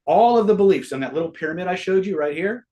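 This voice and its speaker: A man's voice: high voice, animated, fast talker, dark tone, dull audio. Casual swearing man teaching a class. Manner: casual, swears freely, quizzes the audience. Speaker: online seminar teacher. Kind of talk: live online master class.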